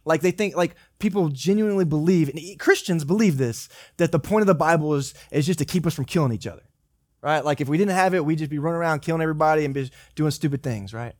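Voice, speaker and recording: A man's voice: on the high side, fast, no room sound, studio quality. A man, a pastor giving a casual sermon full of joking asides and acted-out dialogue. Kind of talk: conversational sermon.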